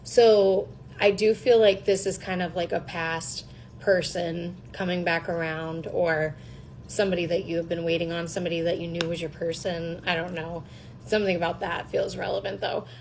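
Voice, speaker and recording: A woman's voice: fairly low pitch, flat delivery, normal speed, creaky, a little mellow, a little hiss or hum, poor audio. Rambling, chatty woman reading tarot. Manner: rambling, chatty, hesitant with frequent ums. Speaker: tarot reader. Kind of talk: casual collective tarot reading.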